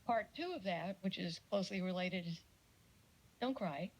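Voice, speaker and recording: A middle-aged woman giving a casual lecture on parenting, chatty and animated, with jokey asides and little acted-out quotes. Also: lowish voice, normal speed, poor audio. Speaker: speaker giving a talk on parenting.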